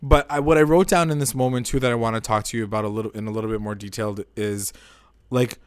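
A man's voice: mid-range voice, steady tone, fast talker. Guy rambling through a show recap, says like a ton, pretty opinionated, mid voice. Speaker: podcast co-host. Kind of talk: casual TV episode recap chat.

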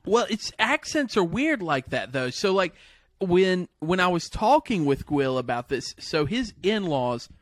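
A man with a Southern US accent co-hosting a casual podcast chat, laughing often and talking excitably. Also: high voice, unhurried, no echo, clean studio sound. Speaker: podcast co-host.

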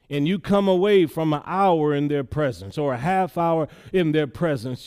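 A male pastor delivers a sermon in a church with a smooth, resonant voice pitched a little high for a man. He preaches in a conversational way, often pausing on a "yeah" between points. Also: darkish tone.

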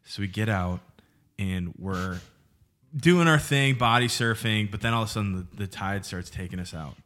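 A man in his late twenties hosting a podcast, telling a story in animated casual chat and laughing as he goes. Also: lowish voice, normal speed. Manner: animated storyteller who laughs mid-sentence. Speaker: podcast host.

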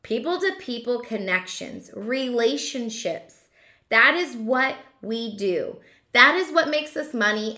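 A woman coaching fellow hairdressers in a motivational monologue, her fairly high voice swinging widely in pitch. She fires off rhetorical questions and slows right down to stress her points. The room around her is echoey. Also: bright, forceful tone.

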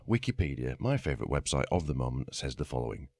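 A man's voice: very deep voice, sing-song, fast talker, a little mellow, no room sound, studio quality. A middle-aged man, ranting sweary and mock-outraged as a podcast host. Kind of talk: comic monologue rant.

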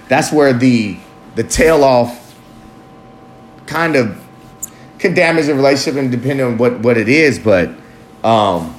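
A man in a casual personal monologue, candid and rambling, swearing freely and jumping up in pitch for emphasis. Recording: echoey room with faint ambient noise.

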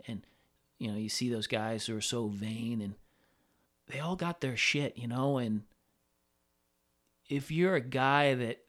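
A man's voice: mid-range voice, fairly bright tone. A man hosting a podcast, talking in a rambling, profane casual monologue with many restarts. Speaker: podcast host.

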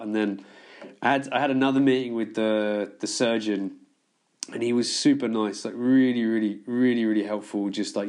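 A man guesting on a podcast, chatting loosely and telling stories. He swears often and laughs at his own tales. His voice sits in an ordinary middle pitch. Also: fairly even intonation, normal speed, a little mellow. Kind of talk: casual storytelling chat.

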